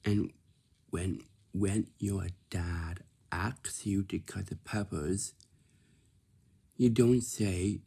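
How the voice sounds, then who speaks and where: A man's voice: sits low, fairly even intonation, slow pace, vocal fry, warm tone, husky. A man giving a repetitive, lecturing instructional talk, often checking in with "right?".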